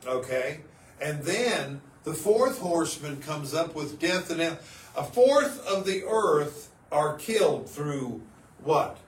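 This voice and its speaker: A man's voice: a little high, lively intonation, slow. A man co-hosting a religious podcast, earnest and dramatic, firing off rhetorical questions. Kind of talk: casual religious podcast chat. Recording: roomy, distant mic, faint noise.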